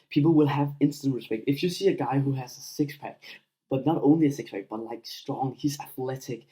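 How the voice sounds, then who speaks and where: A man's voice: medium pitch, dark tone, low-quality recording. A young man giving blunt, unscripted advice to viewers, full of swearing and fillers, acting out little scenes as he talks. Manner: blunt, profane, filler-heavy, acts out scenes. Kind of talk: casual unscripted advice monologue.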